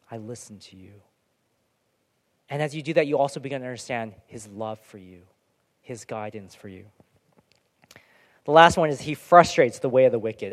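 Animated man preaching in a reverberant hall. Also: fairly high pitch. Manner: animated preaching, dropping to soft near-whispers on prayerful lines. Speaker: pastor. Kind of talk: sermon. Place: church hall.

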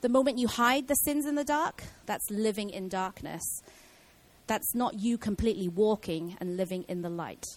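A woman's voice: mid-range voice, moderate pace, rough recording. A woman giving an informal Bible teaching in a casual way, with many fillers and restarts.

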